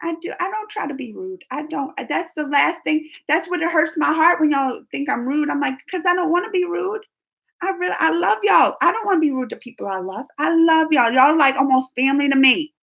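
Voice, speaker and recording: High bright chatty woman in her forties. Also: a little fast, gravelly. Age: 40s. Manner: chatty, animated, laughs often, rambling. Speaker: livestream host reading chat. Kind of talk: casual live chat.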